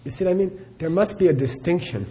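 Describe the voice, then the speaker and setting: A man's voice: sits high, animated, fast, warm tone, slight background noise. A middle-aged man, a Buddhist teacher, answering questions in a live talk as a chatty storyteller who laughs often and says "you know" a lot.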